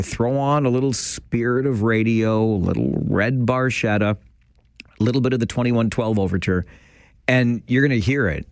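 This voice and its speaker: A man's voice: medium pitch, dry recording, clean studio sound. A man hosting a radio call-in show, playful and teasing as he chats with callers. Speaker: radio talk show host.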